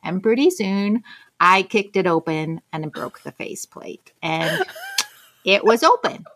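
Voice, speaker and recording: Husky-voiced woman telling a lively story. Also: mid-range voice, a little slow. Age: middle-aged. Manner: expressive storytelling, acts out quoted lines. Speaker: guest storyteller. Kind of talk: animated personal anecdote.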